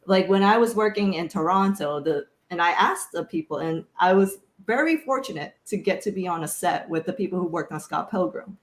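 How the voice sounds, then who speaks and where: A woman's voice: on the low side, fairly quick, hardly any pauses. A woman filmmaker on a panel, ranting with passion, blunt, sassy and swearing heavily. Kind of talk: impassioned rant in a panel chat. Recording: echoey room.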